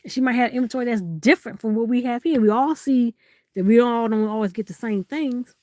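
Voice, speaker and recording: A woman's voice: a little high, brisk, warm tone, dry recording, clean studio sound. A woman hosting a live-stream sale in casual chat, teasing and laughing as she reads out viewers' comments.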